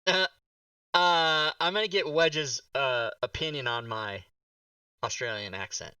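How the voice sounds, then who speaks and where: A man's voice: on the high side, a little slow, pushed and bright, smooth, dry recording, recorded from a distance. A man in his fifties hosting a live stream, joking around and teasing his co-host while reading chat. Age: 50s.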